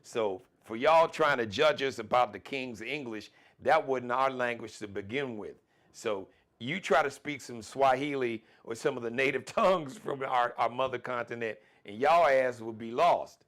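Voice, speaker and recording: A man's voice: mid-range voice, normal speed, a bit bright. A man from the United States hosting a live talk show, speaking emphatically and often repeating words as he starts a point. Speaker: host.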